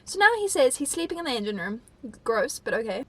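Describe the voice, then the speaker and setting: A woman's voice: fairly high pitch, big pitch swings, a little fast, a bit bright, husky. A young woman from Africa, chatting casually and reading diary entries aloud, rambling with lots of "like". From South Africa. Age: young adult. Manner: chatty and rambling, heavy use of "like". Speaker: vlogger.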